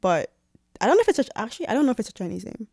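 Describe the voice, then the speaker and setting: A young woman in casual chat, telling stories with animated acted-out dialogue and frequent laughter. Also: on the high side, racing, no echo, studio quality. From Jamaica. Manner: animated storyteller acting out dialogue, laughing often.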